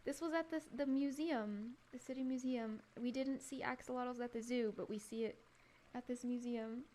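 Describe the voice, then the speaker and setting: A woman live streamer chats casually over her travel photos, giggling and laughing often between remarks and rambling with frequent restarts. Her fairly high, warm voice stays fairly even in intonation at a moderate pace, with slight background noise.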